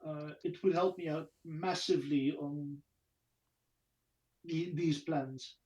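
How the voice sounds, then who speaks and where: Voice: mid-range voice, fairly even intonation, slow pace, darkish tone, far from the mic, poor audio. A player speaking in character in a tabletop game, polite and hesitant, often repeating the first words.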